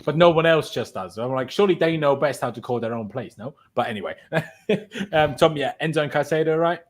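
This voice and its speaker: A man's voice: fairly high pitch, lively intonation, brisk. Opinionated man hosting a football stream. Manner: opinionated, talks through his reasoning aloud. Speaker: host. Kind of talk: casual football chat on a live stream.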